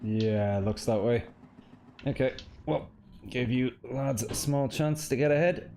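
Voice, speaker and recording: Slow-talking laid-back man streaming a race. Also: medium pitch, dark tone, a little hiss or hum. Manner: laid-back, laughs often. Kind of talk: casual gaming chat.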